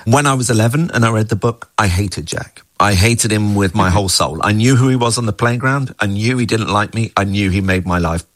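A man's voice: on the low side, brisk, hardly any pauses, no echo. A middle-aged man, a screenwriter being interviewed, talking in a thoughtful, musing way. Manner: thoughtful, musing, with small laughs. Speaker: guest, screenwriter of the adaptation. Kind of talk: reflective interview talk.

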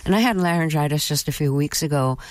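Measured woman hosting a radio interview. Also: low voice, dry recording. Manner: measured, curious questioning.

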